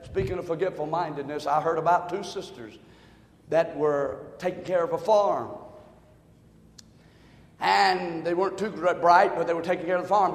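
A man preaching a sermon, telling a folksy joke story and swinging from quiet talk to shouting. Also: high-pitched. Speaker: pastor. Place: church sanctuary. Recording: echoey hall, long reverb.

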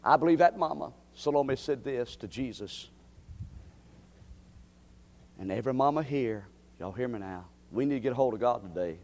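A man preaching a sermon, dropping to a hush and rising to shouts. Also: medium pitch, expressive, a little fast, big-room sound. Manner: dramatic swings from hushed to shouting.

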